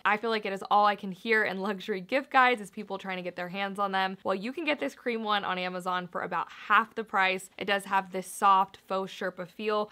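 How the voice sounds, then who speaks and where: Young woman, bright vlogger voice, upbeat gift-guide delivery, friendly and product-focused. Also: medium pitch.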